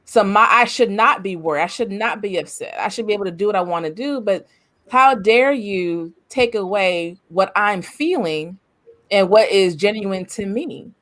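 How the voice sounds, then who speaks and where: A woman's voice: mid-range voice, expressive, moderate pace, fairly bright tone. A woman on a podcast panel, talking emphatically and passionately, hammering home repeated rhetorical questions. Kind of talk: casual discussion.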